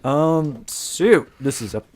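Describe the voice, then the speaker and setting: A man's voice: fairly high pitch, expressive, slow pace, darkish tone. A man hosting a casual gaming podcast, rambling with lots of fillers and laughs. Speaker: podcast host.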